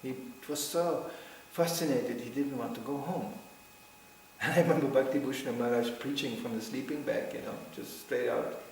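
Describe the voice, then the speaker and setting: A man's voice: mid-range voice, moderate pace, creaky, a little hiss or hum. A middle-aged man telling anecdotes to a gathering, laughing often and acting out what people said. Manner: lively storyteller, laughs often, acts out quotes. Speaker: speaker telling memories to a devotional gathering. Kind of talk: anecdotal storytelling talk. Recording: very echoey room, mic far off.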